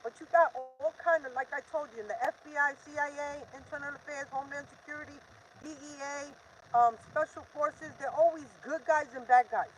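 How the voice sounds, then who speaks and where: A woman's voice: high voice, steady tone, brisk, a little hiss or hum, low-quality recording. An older woman hosting a live stream, talking in an urgent, defiant, repetitive rant. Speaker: livestream host.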